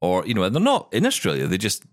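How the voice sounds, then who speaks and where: Speaking fast in a low pitch, this Scottish podcast co-host chats casually and eagerly about tech, often stopping to correct himself partway through a sentence. There's no room sound, just clean studio audio.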